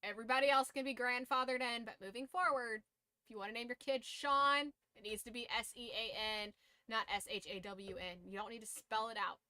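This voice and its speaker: Bright, blunt woman streamer chatting. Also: fairly high pitch, steady tone, fairly quick, dry recording. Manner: blunt, swears freely, laughs often. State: throat going hoarse. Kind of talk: casual stream chat.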